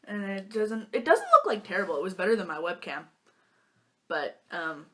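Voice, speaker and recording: A woman's voice: mid-range voice, very animated, moderate pace, a bit bright, a little hiss or hum. A young woman casually telling stories to a phone camera, playful and jokey, acting out her friends' lines in silly voices. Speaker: vlogger. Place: small room lit by a lamp.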